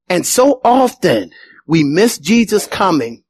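A man preaching a sermon as pastor, animated, acting out the voices of the people in his stories. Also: high-pitched, moderate pace, husky, no echo.

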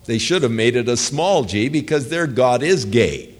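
A man's voice: medium pitch, expressive, moderate pace. A male pastor preaching a sermon, telling stories earnestly and with emphasis.

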